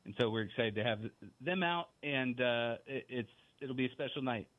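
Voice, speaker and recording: A man's voice: mid-range voice, moderate pace. Man on a tinny phone line. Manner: relaxed, restarting sentences. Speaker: team play-by-play broadcaster, guest. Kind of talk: casual radio chat. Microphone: phone call-in.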